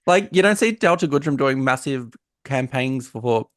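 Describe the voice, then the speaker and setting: This co-host has an Australian accent and chats in a cheeky, sarcastic way. The voice sits at a middling pitch. The recording is dry and close, with little room sound. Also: animated, normal speed, no echo. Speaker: podcast co-host. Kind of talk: casual chat.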